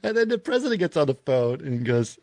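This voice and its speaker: Homem animado recontando um filme. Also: male voice, a little high, no room sound. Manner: animated retelling with quick impressions and laughter. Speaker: podcast co-host. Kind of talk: casual film chat.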